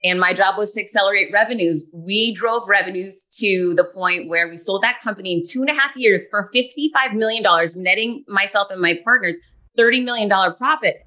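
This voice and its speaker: A woman's voice: medium pitch, a little fast. A woman in her forties, a podcast guest, telling personal stories in a candid, earnest way. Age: 40s. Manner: earnest, animated, acts out her own past thoughts. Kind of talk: candid conversational storytelling.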